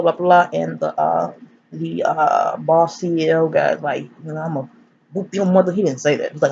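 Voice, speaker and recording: A woman's voice: low voice, fairly even intonation, moderate pace, vocal fry, dark tone. Rambling, profane woman recapping a movie. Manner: rambling, profane, acts out characters. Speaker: movie reviewer. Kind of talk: casual spoiler recap. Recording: dull lo-fi sound, faint hiss.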